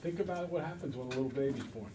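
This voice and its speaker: A man's voice: medium pitch, racing, far from the mic, noisy background. A man teaching a math class, talking to students and acting out little scenes as he goes. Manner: animated storyteller, acts out voices. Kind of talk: classroom lecture.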